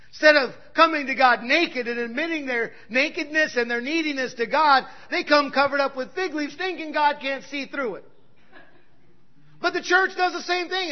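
High-voiced bold preaching man. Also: highs cut off. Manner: bold, conversational preaching with frequent "right?" asides; swings from loud exclamations to quiet asides. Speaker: pastor. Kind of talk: sermon.

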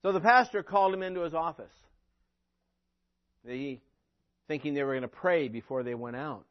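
Male pastor, high voice, emphatic sermon delivery with sarcastic asides; muffled lo-fi audio. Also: normal speed. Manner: preachy, rising to emphatic peaks, dry sarcastic asides.

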